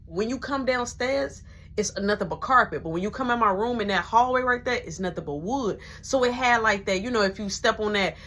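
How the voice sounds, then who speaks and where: A woman's voice: on the high side, fairly quick, a bit bright. A young adult woman telling a profane, slangy personal story in a casual monologue, dropping into whispers when she quotes people.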